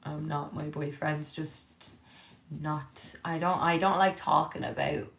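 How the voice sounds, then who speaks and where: A young woman chatting casually on a live stream from her living room, reading and answering viewer comments, candid and quick to swear. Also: deep voice, fairly even intonation, gravelly, a little hiss or hum.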